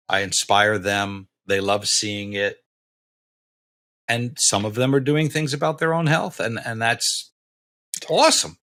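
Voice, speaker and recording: A man in his late fifties hosting a podcast, telling stories in a rambling, animated way with many restarts and blunt, salty language. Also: fairly low pitch. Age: late 50s. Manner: blunt, a bit profane. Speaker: podcast host. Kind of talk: casual interview chat.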